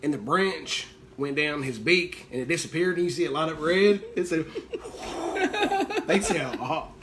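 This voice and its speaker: A man's voice: a little high, sing-song, measured pace, a bit bright, a little hiss or hum. A man, co-hosting a casual livestream, loose and joking, swearing freely. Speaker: co-host of music duo livestream.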